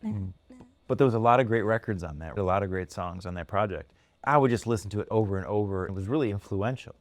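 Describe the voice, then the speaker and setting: A man co-hosting a casual podcast and spinning animated stories with frequent laughter. His voice sits low. The close mic gives a dry sound. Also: quick pace, no echo. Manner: animated storyteller, laughs often. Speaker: podcast co-host. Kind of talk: casual storytelling chat.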